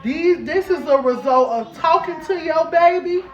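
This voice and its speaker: A woman vlogging at home as a mom, chatting casually to the camera in a playful, animated way and calling her viewers baby and girl. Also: very high-pitched, normal speed, muffled recording, slight background noise. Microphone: camera set up on a stand. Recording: roomy echo.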